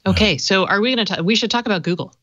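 A woman from the American South with a Southern accent, co-hosting a casual tech talk show, chatty and expressive. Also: medium pitch, racing, no room sound, highs cut off. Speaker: podcast co-host. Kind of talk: casual chat.

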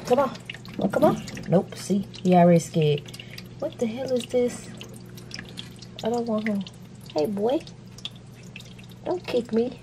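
A middle-aged woman vlogging in a chatty, animated way and talking straight to her viewers. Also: fairly high pitch, a little slow, pauses often, a little hiss or hum. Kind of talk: casual chatty vlog.

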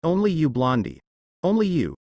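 A man's voice: fairly high pitch, wildly swooping pitch, normal speed, creaky, a little mellow, dry recording, lo-fi sound, heavily acted. A man voicing a brash, teasing young female ninja in a storybook reading. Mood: sad.

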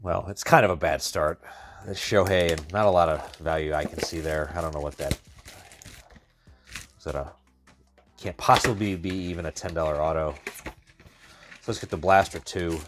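Over music, a low-voiced man who hosts a card-breaking channel opens packs while offering wry, chatty running commentary. He speaks at a normal pace and pauses often in this casual pack-opening talk.

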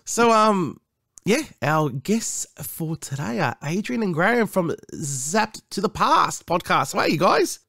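A man co-hosting a podcast in an easygoing, jokey way. His pitch sits a little high and swings up and down a lot as he talks. He is recorded dry and close on the mic. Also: measured pace, creaky, no echo. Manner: lively, jokey, laughs often. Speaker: podcast co-host. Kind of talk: casual podcast chat.

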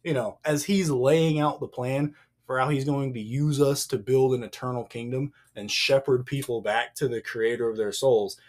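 A man co-hosting a casual Bible discussion podcast, emphatic and animated, acting out the dialogue as he talks. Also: medium pitch, normal speed. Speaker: podcast co-host.

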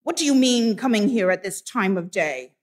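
Woman voicing Scrooge, a gruff old miser. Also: mid-range voice, big pitch swings, unhurried. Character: gruff old male miser turned generous.

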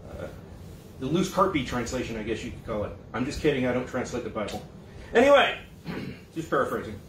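Pastor, male, talky sermon delivery, slightly high voice, recorded off-mic in a reverberant hall. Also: slight background noise. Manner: conversational preaching, acts out quoted voices. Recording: echoey room, mic at a distance.

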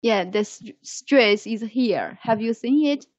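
A woman teaching an online English lesson, praising her students warmly and guiding them patiently. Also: on the high side, dry recording. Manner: lavish praise, slow and patient. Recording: muffled online call audio.

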